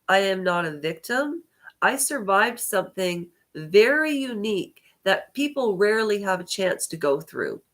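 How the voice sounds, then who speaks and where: On her vlog, a stuffed-up woman with a medium-pitched, fairly bright voice meanders through personal talk to the camera, hesitating and fixing her words partway through sentences.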